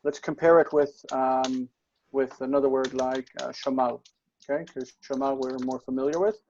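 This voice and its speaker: A man's voice: medium pitch, fairly even intonation, normal speed, darkish tone, lo-fi sound, a little hiss or hum. A man tutoring Biblical Hebrew grammar, patient and explanatory, checking in often with his students. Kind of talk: online tutoring session.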